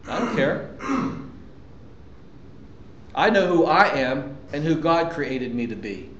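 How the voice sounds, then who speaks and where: A man delivers a sermon in a fairly high voice, pushing his points with repeated words and questions thrown at the room. The sound is roomy and dull, like a lo-fi church recording. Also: a bit bright, slight background noise. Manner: emphatic, conversational preaching with repetitions and rhetorical questions. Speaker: pastor.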